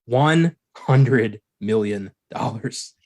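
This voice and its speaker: A man's voice: medium pitch, drawn-out words. A man in casual podcast chat, swearing freely and laughing often. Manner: profane, animated, laughs often.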